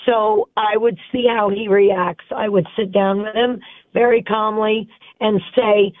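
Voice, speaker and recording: A woman's voice: mid-range voice, fairly even intonation, unhurried, no echo. A woman calling in to a radio show, giving firm, emphatic opinions. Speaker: caller. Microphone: phone line. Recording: tinny phone line.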